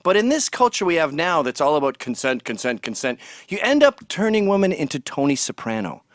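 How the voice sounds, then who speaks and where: A man's voice: a little high, sing-song, brisk, no echo, clean studio sound. A man hosting a comedic rant commentary in a sarcastic, mocking manner. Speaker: host.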